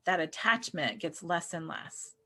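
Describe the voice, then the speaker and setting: Animated woman telling stories in chat. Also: on the low side, measured pace. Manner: animated storyteller who acts out quotes and laughs. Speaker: co-host. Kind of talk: casual spiritual chat.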